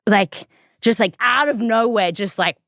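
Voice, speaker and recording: Chatty and filler-heavy, an Australian woman tells a story on her podcast, saying like and um often. Her slightly high, creaky, somewhat bright voice moves a little slowly, captured in studio quality with no room sound.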